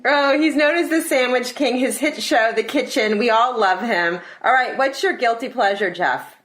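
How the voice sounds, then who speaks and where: A woman hosting a casual interview, laughing easily and chatting warmly. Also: a little high, moderate pace. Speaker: interview host.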